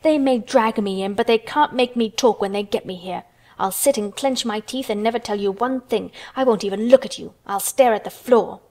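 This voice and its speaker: A woman voicing a sour, spoiled ten-year-old girl with sharp, scornful retorts in a storybook reading. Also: a little high, moderate pace. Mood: defiant.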